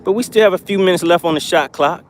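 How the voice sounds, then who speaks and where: A man's voice: sits high, quick pace. A man hosting a fishing livestream from a boat, teasing and laughing with his chat viewers.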